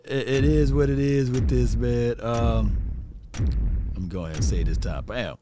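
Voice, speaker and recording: A man's voice: medium pitch, unhurried, noisy background. A man hosting a live sports call-in show, casual and laid-back, laughing often and saying "man" a lot. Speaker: sports show host taking calls.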